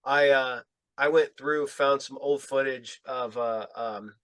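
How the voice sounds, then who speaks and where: A man's voice: mid-range voice, slow pace, clean tone, no echo. A man telling casual stories in a podcast chat, swearing freely and laughing as he retells them. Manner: profane, laughing, animated when retelling. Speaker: guest filmmaker.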